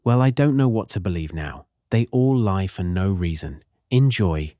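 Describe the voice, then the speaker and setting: A man's voice: low voice, lively intonation, normal speed, warm tone, dry recording. A man doing a commentary voice-over in a dry, sardonic manner. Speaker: commentary channel host.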